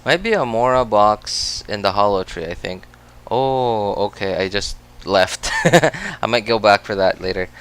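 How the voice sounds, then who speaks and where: A man's voice: fairly low pitch, very animated, measured pace, a bit bright, smooth. Chatty Filipino man streaming a game. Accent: American. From Philippines. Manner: chatty, reacts aloud and answers chat. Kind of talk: gameplay livestream commentary.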